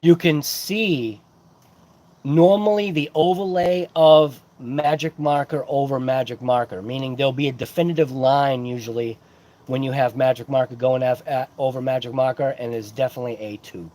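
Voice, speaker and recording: A man's voice: mid-range voice, steady tone, normal speed, warm tone. A man hosting a casual livestream who rambles along and greets chat viewers by name. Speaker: host of a hobby livestream. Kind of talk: casual live-chat unboxing.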